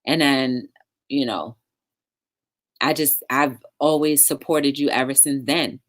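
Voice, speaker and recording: A woman's voice: rumbling low, slow. A woman hosting a casual livestream talk show, chatting with viewers in the live chat and encouraging them.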